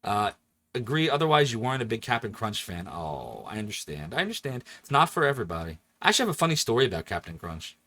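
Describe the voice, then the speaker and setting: Streaming a game in a casual let's-play, this Philadelphia-area livestreamer in his forties is animated and chatty, laughing a lot and switching between joking voices. He talks fast in a mid-range voice.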